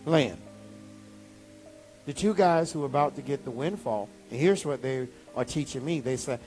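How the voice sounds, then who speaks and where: A man pastor preaching a sermon, animated, with sudden high exclamations. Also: normal speed, faint music behind.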